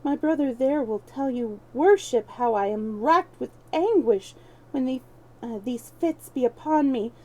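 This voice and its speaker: A woman's voice: high voice, lively intonation, a little slow, dark tone, lo-fi sound. A woman voicing a crafty young male street thief who mocks and schemes in archaic speech. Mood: scheming.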